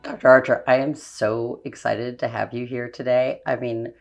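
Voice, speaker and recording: A woman's voice: a bass voice, steady tone, moderate pace, gravelly, faint music behind. A woman hosting a podcast interview, gushing and enthusiastic, with lots of filler words. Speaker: podcast host. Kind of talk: casual interview chat.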